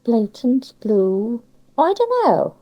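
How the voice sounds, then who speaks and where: A woman's voice: fairly high pitch, big pitch swings, slow, mellow, low-quality recording. An older woman with a Cornish accent, chatting in an interview and giving emphatic opinions. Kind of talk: casual conversation.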